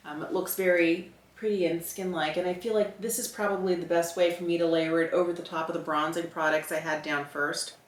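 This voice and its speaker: Woman, 50s, beauty vlogger, casual makeup review, candid, thinking aloud, lowish voice, echoey room. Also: fairly even intonation, a little fast, few pauses. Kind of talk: casual product review while applying makeup. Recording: roomy echo.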